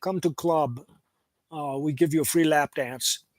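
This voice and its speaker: A man's voice: on the high side, a little slow, natural voice. A man putting on a clipped Russian gangster. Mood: brusque. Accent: put-on Russian. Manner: clipped broken English. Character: brusque Russian gangster thug, adult man.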